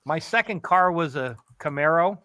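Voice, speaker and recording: Male co-host, jokey, animated storyteller; bright tone, dry mic. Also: on the high side, moderate pace, no echo. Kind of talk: casual storytelling chat.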